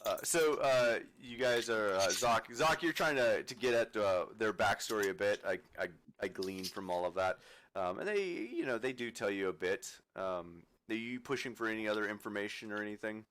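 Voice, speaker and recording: A man narrating as dungeon master, relaxed and hesitant with many fillers. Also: fairly low pitch, normal speed, a little hiss or hum. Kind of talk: narrating a tabletop game.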